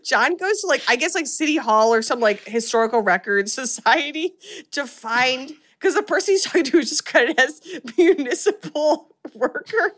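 With a high-pitched, animated, slightly bright voice at normal speed, a woman podcast host casually walks through a horror movie, often laughing as she recounts scenes.

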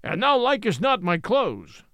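A man's voice: high voice, big pitch swings, measured pace, pushed and bright, dry recording, voice pushed up, heavily acted. A man voicing a cunning outlaw who fakes a harsh voice. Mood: scheming.

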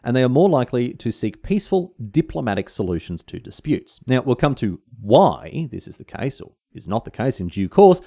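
A man's voice: mid-range voice, fairly quick, hardly any pauses. A young Australian man hosting a history podcast, explaining ideas in a scripted but jokey way with slangy asides. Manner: lively, jokey, mock-outraged asides with slang.

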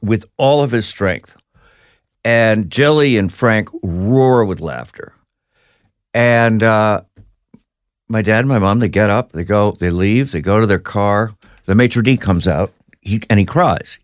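Low-voiced man telling a story. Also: no echo, studio quality. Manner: rambling anecdotes with many restarts. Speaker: guest. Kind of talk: casual storytelling in an interview. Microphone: studio microphone.

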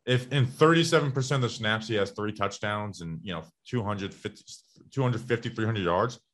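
Low-voiced man talking football. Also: fairly quick. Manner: rambling, restarts often, energetic about stats. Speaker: podcast co-host. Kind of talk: casual sports talk.

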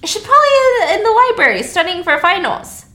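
A woman voicing a puzzled female neighbor who speaks in a high, chirpy way. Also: big pitch swings, moderate pace, bright, forceful tone, roomy sound, heavily acted.

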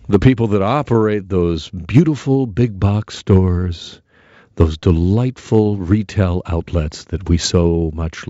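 A middle-aged radio host delivers a joking, theatrical monologue. His pitch swings widely from low to high. The sound is dry and slightly dull, with no room around it. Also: no room sound. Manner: animated, jokey, theatrical. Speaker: radio talk show host.

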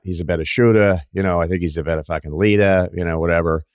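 A man from the Boston area hosting a podcast, telling stories in a casual, animated way, acting out quotes and swearing freely. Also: low-pitched, fast talker, few pauses, no echo, clean studio sound. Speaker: podcast host and longtime radio host. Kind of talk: casual storytelling chat.

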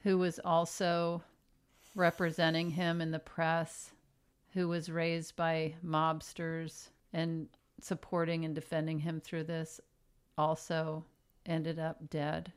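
A woman comedian co-hosting a casual podcast, teasing with a dry, deadpan manner. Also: sits low, takes it slowly, clean tone. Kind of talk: casual chat.

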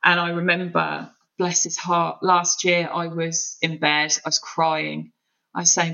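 A woman's voice: on the low side, monotone, a little slow, creaky, bright, forceful tone, dull audio. A woman talking openly and emotionally as a podcast guest, in an open, searching way. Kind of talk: candid conversation.

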